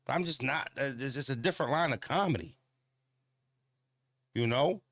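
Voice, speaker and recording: A man chats casually while out on a walk, blunt and full of profanity, stumbling through fillers and repeating himself as he answers his viewers. His voice sits in an ordinary middle pitch. The sound is dry, with almost no room around it. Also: moderate pace, fairly bright tone, no echo. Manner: talks back to viewer comments. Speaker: channel host. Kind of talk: casual walking livestream chat.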